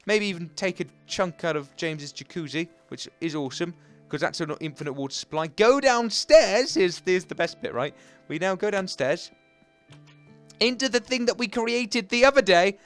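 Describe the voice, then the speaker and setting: A young man giving excitable, chatty, self-mocking commentary while playing a video game. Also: high voice, moderate pace, soft background music. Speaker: gaming channel host. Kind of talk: Let's Play commentary.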